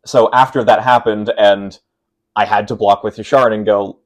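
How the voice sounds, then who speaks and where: A young tournament player from the Pacific Northwest of the United States is being interviewed, speaking in a lowish, brisk voice. He talks casually, walking through his game decisions step by step, and grows animated while retelling a frustrating loss.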